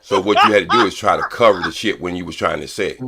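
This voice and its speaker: An older man on a podcast panel, arguing loudly and profanely and repeating points for emphasis. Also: low voice, fast talker, creaky, very noisy. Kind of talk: heated podcast debate.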